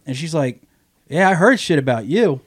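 Casual podcast co-host, man, slightly high voice, profane storyteller who does goofy voices for quotes. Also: expressive, normal speed, husky. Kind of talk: casual chat.

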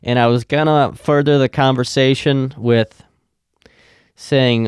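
A young man hosting a podcast who tells rambling, swear-laden stories in a flat, deadpan way. His voice is smooth and resonant. The sound is dry and close to the mic. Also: medium pitch, moderate pace, dry recording. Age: young adult. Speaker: podcast host. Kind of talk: casual storytelling.

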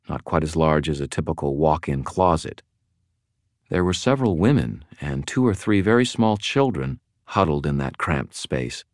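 A man narrating a first-person novel in a very deep, low voice with a dry, wry delivery. The sound is close and dead, with no room around it. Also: darkish tone, no room sound. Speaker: audiobook narrator.

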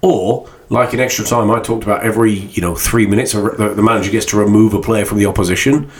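A man co-hosting a casual football podcast, telling stories in an animated way and swearing freely. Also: lowish voice, quick pace. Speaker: podcast co-host.

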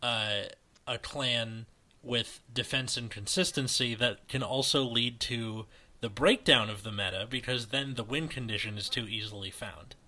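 A man's voice: mid-range voice, measured pace, pushed and bright. A man hosting a casual podcast, opening the show and leading the chat in an upbeat way. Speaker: podcast host.

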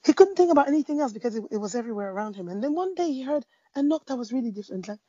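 A woman speaking about faith in a conversation, telling a parable with lively storytelling, fillers and restarts. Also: on the high side, racing, husky, no room sound, lo-fi sound. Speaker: Christian speaker. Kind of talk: preaching in a conversation.

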